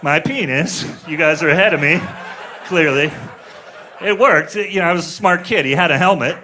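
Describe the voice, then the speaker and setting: A man's voice: fairly high pitch, moderate pace, background noise. A man in his forties doing a stand-up comedy set, telling crude stories in a rambling, laid-back way with lots of filler words. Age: 40s.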